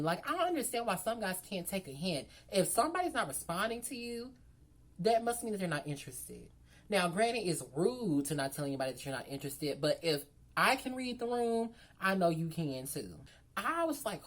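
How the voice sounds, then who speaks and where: A woman's voice: lowish voice, sing-song, fast talker, poor audio. A young woman tells a casual storytime in a sassy, brash way, calling her listeners girl and honey. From Memphis, Tennessee. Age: 20s. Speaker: vlogger.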